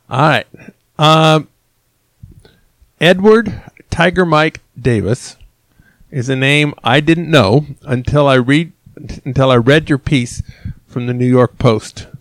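A male podcast host who introduces each segment and hands questions to his guest. His voice sits at a middle pitch. The sound is dry and close to the mic. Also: takes it slowly, pauses often, no echo. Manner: steady, segues between topics. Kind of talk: hosting a talk show.

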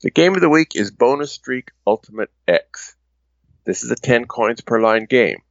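A man reading a scripted segment in a measured, explanatory way. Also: medium pitch, animated, gravelly, no room sound. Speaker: segment presenter. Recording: dull lo-fi recording.

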